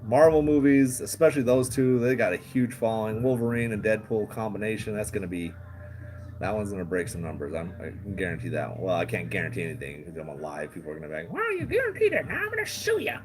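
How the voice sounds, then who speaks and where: A man's voice: sits low, fairly even intonation, quick pace, a little mellow, slight background noise. A man hosting a casual livestream, rambling, chuckling often and swearing freely. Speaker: livestream host.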